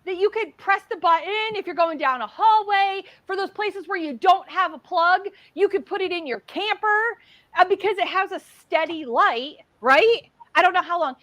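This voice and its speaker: A middle-aged woman hosting a casual craft livestream, chatty and excitable as she demonstrates while talking. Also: very high voice, normal speed, no room sound.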